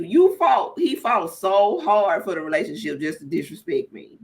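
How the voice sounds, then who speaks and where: Blunt, lively-voiced woman comedian. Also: on the low side, moderate pace. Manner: blunt, profane, bursts into loud laughing exclamations. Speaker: comedian guest. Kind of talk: casual comedy podcast chat.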